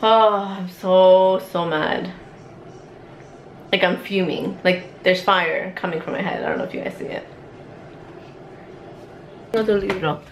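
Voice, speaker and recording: A young woman, a mother, chatting casually to a handheld camera at home, expressive and talkative, dropping in Spanish words. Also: on the low side, moderate pace, pauses often, a little hiss or hum. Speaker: mother and family vlogger. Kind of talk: casual vlog chat to camera. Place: at home, indoors.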